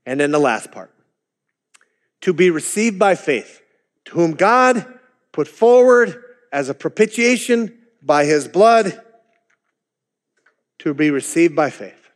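A pastor delivers a sermon in a loose, chatty way, breaking off for wry asides and little laughs. His voice is fairly high for a man. The room gives it a long, lingering reverb. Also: big pitch swings, takes it slowly, long pauses. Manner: conversational, with chuckling asides.

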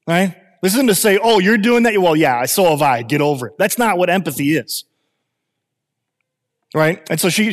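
A man in his thirties preaching a sermon, animated and conversational, often restarting and repeating his phrases. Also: fairly high pitch, long reverb tail. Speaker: pastor.

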